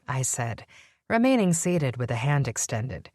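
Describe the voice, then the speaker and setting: A woman reading a first-person audiobook, measured and wry. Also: extremely low pitch, sing-song, a little mellow, no echo, clean studio sound. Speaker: audiobook narrator.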